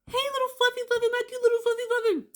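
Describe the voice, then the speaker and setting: Woman mimicking a man's high cooing baby talk. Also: monotone, very fast. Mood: doting. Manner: sing-song doting baby talk. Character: grown man cooing baby talk to his pet dog.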